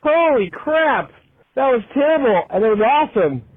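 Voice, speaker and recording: A male caller leaving a voicemail, loud and mocking as he laughs at the hosts. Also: extremely high pitch, very animated, moderate pace, husky, dry recording. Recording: tinny phone-line voicemail.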